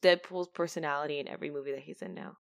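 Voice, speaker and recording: A young woman co-hosting a casual chat, animated and rambling, often laughing and turning teary. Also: deep voice, rapid-fire, vocal fry.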